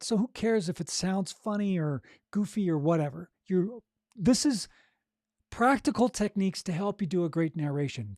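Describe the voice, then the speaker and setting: Recorded at studio quality without echo, this man's voice sits high but has a dark tone. He coaches audiobook narration on a podcast, warmly demonstrating vocal exercises and repeatedly asking "right?" and "okay?"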